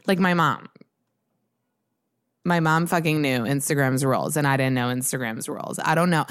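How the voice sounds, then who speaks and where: A woman's voice: a bass voice, normal speed, long pauses, clear, resonant tone, no room sound, studio quality. A young woman hosting a podcast, telling a story in a casual solo rant, chatty and self-mocking with plenty of swearing. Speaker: podcast host.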